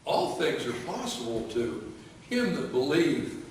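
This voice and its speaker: A man preaching a sermon as pastor, unhurried, with many fillers and restarts. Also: medium pitch, sing-song, a little hiss or hum. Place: church sanctuary. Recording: echoey church hall, voice from a distance.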